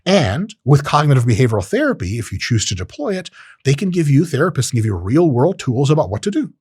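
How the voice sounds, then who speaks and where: A man hosting a podcast, talking in a casual monologue, profane and animated, jumping into high-pitched voices. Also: quick pace, breathy edge, no room sound, studio quality. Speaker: podcast host.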